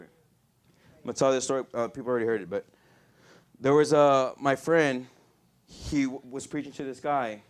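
A man's voice: mid-range voice, normal speed, pauses often, clean tone. A man preaching a sermon with passion, telling stories and acting out what people said. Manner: passionate, storytelling with acted-out quotes.

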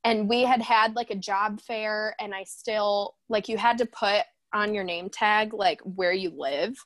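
A woman in her twenties, a guest telling her story in a casual chat, animated and quick to laugh as she acts out her own past thoughts. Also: medium pitch, no echo. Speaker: guest, hairstylist.

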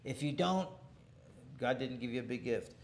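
With slight noise in the background, a middle-aged man who used to box recounts a fight story at a moderate pace and medium pitch. The casual interview finds him meandering, starting over many times, and chuckling as he talks.

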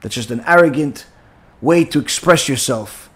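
A man teaching a Torah class as a rabbi, emphatic and animated, with frequent "you know" fillers. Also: medium pitch, moderate pace. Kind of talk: Torah lesson.

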